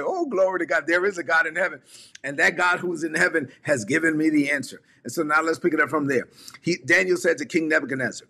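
A male pastor delivers a fired-up sermon to an online congregation. His voice is bright and slightly husky, sitting a touch high for a man. He hammers points through repetition and call-and-response. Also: fast talker.

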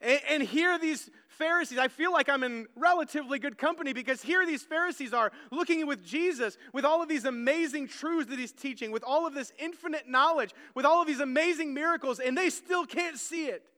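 A pastor preaches a sermon in a very high, pushed and bright voice, moving briskly with few pauses. He tells stories earnestly and often repeats words as he restarts a phrase. A long church hall reverb surrounds the recording.

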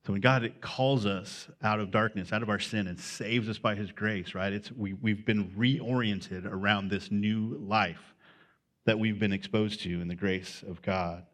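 A man's voice: on the low side, steady tone, a little slow, a bit bright. A man preaching as a pastor, talking loosely and conversationally with many fillers as he works through his point. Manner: conversational, unscripted, with frequent fillers. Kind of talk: sermon.

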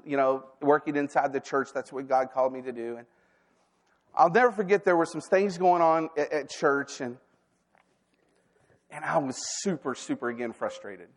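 A man delivering a sermon in a church, talking candidly with the congregation and slipping into quoted inner voices. His voice sits a bit high for a man and rings with a long hall reverb. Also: lively intonation, moderate pace. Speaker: staff pastor. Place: church sanctuary.

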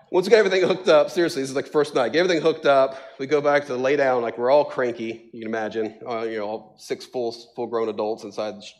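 A middle-aged pastor tells a self-mocking story from the pulpit, laughing as he goes. His pitch sits in the middle range for a man. He is loose and chatty, with plenty of "um" and "like," speaking to a congregation in a church. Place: church sanctuary.

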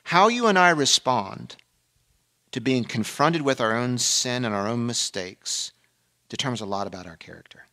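A man preaching a sermon, dropping to a hush and then rising to emphatic peaks, acting out the people he quotes. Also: mid-range voice, expressive, normal speed. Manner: swings between hushed and emphatic, acts out quoted voices. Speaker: pastor.

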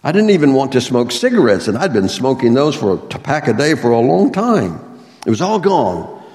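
A man's voice: mid-range voice, sing-song, moderate pace, darkish tone. A male pastor delivers an earnest sermon, leaning into key phrases with rising emphasis. His mid-range voice rings out with a long reverb in a church sanctuary. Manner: earnest, reads aloud a testimony and scripture with swelling emphasis.

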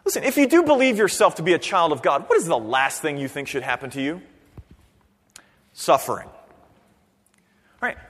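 High-voiced man preaching in a reverberant hall. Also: normal speed, long pauses. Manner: animated preaching, rising to near-shouts then dropping low. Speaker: pastor. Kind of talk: sermon. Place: church sanctuary. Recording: long reverb of a church hall.

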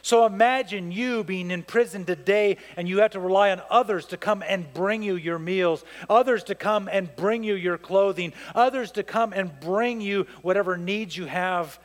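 Pastor guy preaching, pretty high voice, acts out the people in his stories, big echoey church. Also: normal speed, few pauses. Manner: storytelling with acted-out voices, emphatic and animated. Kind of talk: sermon.

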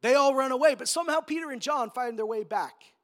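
A pastor giving a sermon in a conversational storytelling way that rises to emphatic moments. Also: male voice, very high voice, a little fast, a bit bright.

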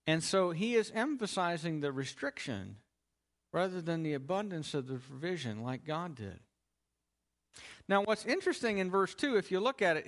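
In a fairly high-pitched voice, a man preaches an expository sermon on a Bible passage. He raises questions for his listeners, then supplies the answers and emphasizes important words.

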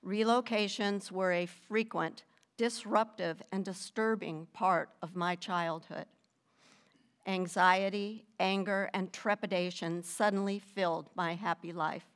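An older woman reading her personal faith testimony in a measured, deliberate storytelling manner with gentle emphasis. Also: mid-range voice, fairly even intonation, clean tone.

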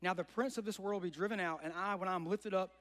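A young male preacher with a high-pitched, slightly bright voice delivers a casual, conversational sermon, tossing rhetorical questions to his listeners. He keeps a steady tone at a quick pace. A long reverb makes it sound as if he were recorded in a large hall.

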